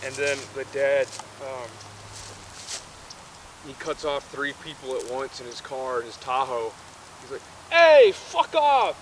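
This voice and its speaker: A man's voice: mid-range voice, flat delivery, unhurried, pauses often. A man casually retelling a film plot, rambling and constantly correcting himself. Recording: noisy outdoor background.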